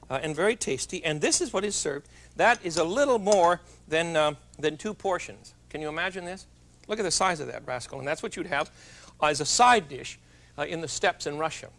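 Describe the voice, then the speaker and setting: In a studio kitchen, a middle-aged man hosts a TV cooking show, his voice fairly high and a little bright. He keeps things chatty and jovial, tossing in joking asides while he demonstrates.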